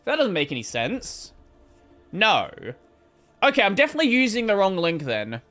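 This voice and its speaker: A man's voice: high voice, wildly swooping pitch, moderate pace, sharp tone, soft background music. A man chatting casually while streaming a game, rambling and swearing as he plays. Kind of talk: casual gameplay livestream chat.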